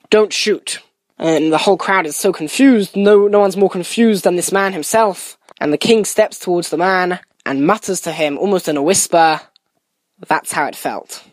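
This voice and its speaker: A woman gives a Torah lesson, working through a Mishnah and telling a parable. She explains earnestly at a middle pitch, mixing in Hebrew and Yiddish terms. The recording is dry and close, with no room sound. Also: dry recording. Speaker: Torah teacher.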